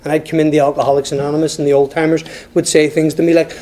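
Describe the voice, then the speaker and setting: This Irish man's fairly high voice barely moves in pitch, and his dark-toned words come out rapid-fire. He is telling his own story at a recovery meeting, speaking straight to the group in front of him.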